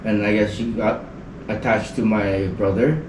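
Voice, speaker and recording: A man's voice: lowish voice, level tone, normal speed, background noise. A man from the Northern Mariana Islands telling a story in casual podcast chat, rambling and leaning heavily on "like" as a filler. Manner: rambling, heavy use of "like" as filler. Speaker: podcast guest. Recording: roomy sound from a distant mic.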